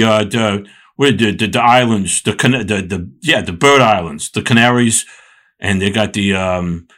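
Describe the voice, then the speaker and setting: A man's voice: medium pitch, a bit bright. A man co-hosting a casual sports podcast, rambling with lots of fillers and restarts. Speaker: podcast co-host.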